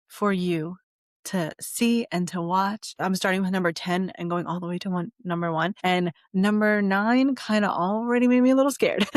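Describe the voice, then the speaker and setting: A woman hosting her own podcast in casual chat while high, giggling, rambling and repeating herself. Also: no room sound, studio quality. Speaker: podcast host.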